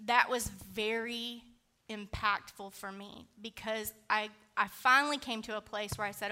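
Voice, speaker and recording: A woman's voice: medium pitch, steady tone, a little slow, bright, forceful tone. A woman preaching a sermon, candid and conversational, mixing scripture with a personal story and casual fillers.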